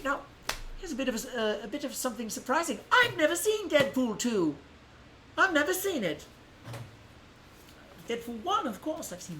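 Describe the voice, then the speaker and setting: A man hosting a casual livestream, talking in a rambling, animated way and correcting himself as he goes. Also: sits high, a little hiss or hum, rough recording. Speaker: livestream host.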